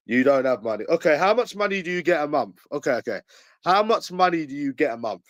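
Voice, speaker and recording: A man's voice: high voice, animated, fairly quick, dry recording, rough recording. Ranting London man, dry close sound. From England. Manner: abusive, repetitive, jeering, bursts into shouts. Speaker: channel owner. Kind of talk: angry ranting monologue to camera.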